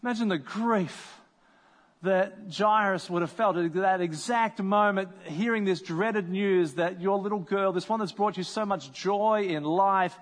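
A man's voice: high-pitched, a little slow, big-room sound. A man preaching a sermon, telling a story in a conversational way and acting out the people in it. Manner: conversational storytelling, acts out voices. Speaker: pastor.

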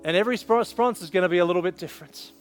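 A man speaking as a pastor, earnestly leading an altar call and prayer in a church sanctuary, with soft drawn-out pauses. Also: sits high, faint music behind.

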